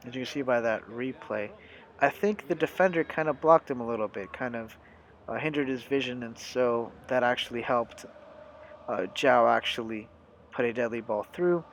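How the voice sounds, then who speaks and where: A young man talks over his gameplay in a relaxed, chatty way, addressing viewers directly as he goes. His voice sits at an ordinary middle pitch, recorded on a desk mic for a voice-over. A faint hum of ambience sits behind him. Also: normal speed. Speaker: gaming channel host. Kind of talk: casual let's-play commentary.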